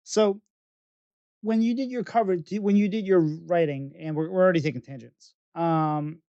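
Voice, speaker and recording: A high-pitched man hosts a casual podcast interview, heard on a dull, lo-fi, dry microphone. He asks questions haltingly and keeps restarting them. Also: dark tone, smooth, no room sound. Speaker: podcast host.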